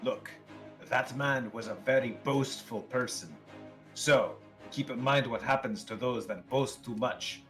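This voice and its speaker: A man playing a tabletop game, speaking in character in a calm, lecturing way. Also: mid-range voice, unhurried, music in the background. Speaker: player.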